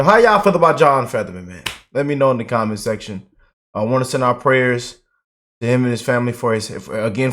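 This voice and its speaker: A man hosting a casual reaction commentary, talking in an animated, preachy way and repeating his phrases. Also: fairly high pitch. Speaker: commentary video host.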